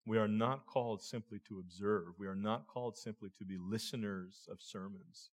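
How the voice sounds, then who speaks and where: A man's voice: on the low side, a little mellow. A man preaching a sermon as a pastor, earnest, speaking to his listeners as friends and often repeating words.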